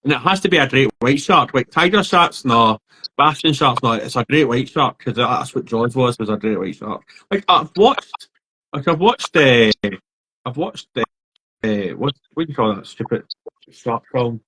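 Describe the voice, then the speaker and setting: A man's voice: medium pitch, normal speed, breathy edge, no room sound, rough recording. Rambling man on a podcast. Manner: rambling, animated storyteller. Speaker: podcast co-host. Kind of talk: casual chat.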